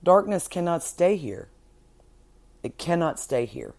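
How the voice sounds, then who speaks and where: A woman holds forth on her own spiritual podcast, slow and unhurried in her delivery. She is fervent and sure of herself, swears freely and repeats words to hammer a point home. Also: fairly low pitch, very animated, darkish tone. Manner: emphatic, heavily profane, repeats words for emphasis; fervent, self-assured. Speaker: podcast host.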